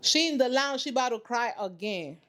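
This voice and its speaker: A woman's voice: a little high, animated, fairly quick, bright, forceful tone. A woman hosting a reaction channel, giving sassy, emphatic commentary in casual slang.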